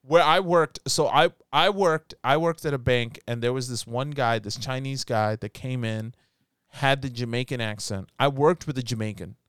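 A man's voice: mid-range voice, moderate pace, clear, resonant tone, dry recording, clean studio sound. A man co-hosting a casual podcast, joking and bantering about football bets. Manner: animated, jokey, breaks into put-on accents. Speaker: podcast co-host.

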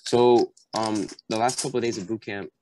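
A young adult man as a podcast guest, telling animated stories full of fillers and acting out quoted voices with sudden high jumps. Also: moderate pace, a little hiss or hum, poor audio. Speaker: podcast guest, Marine recounting boot camp. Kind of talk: casual storytelling chat.

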